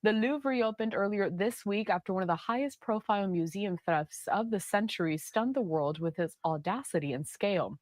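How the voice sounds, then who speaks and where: A woman reporting the news in a steady, measured, scripted delivery. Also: medium pitch, no echo.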